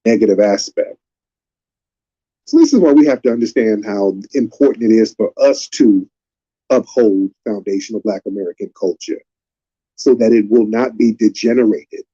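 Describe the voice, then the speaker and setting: A man's voice: on the low side, normal speed, dark tone, slightly rough, highs cut off. A man hosting a live stream, lecturing in an emphatic, repetitive way.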